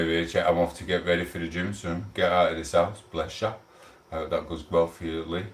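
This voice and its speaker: A chatty man hosting a live stream from home, wandering from topic to topic. His voice sits low, and it comes across roomy and set back from the microphone. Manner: rambling, chatty, reads out chat messages. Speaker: livestream host. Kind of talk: casual live-stream chat. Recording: roomy and distant from mic.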